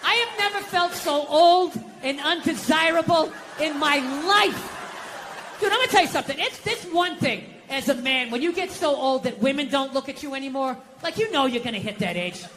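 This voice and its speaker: A man's voice: very high voice, lively intonation, moderate pace, bright, forceful tone, big-room sound, slight background noise. A man doing a stand-up routine, ranting bluntly and profanely with mock outrage, on stage before a live audience. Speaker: stand-up comedian.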